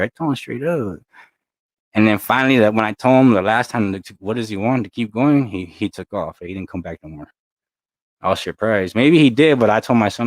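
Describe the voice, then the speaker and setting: A man's voice: fairly low pitch, fairly quick, no room sound. A young man, chatting casually to his channel and rambling through stories in loose street slang. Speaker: channel host. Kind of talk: casual chat to camera.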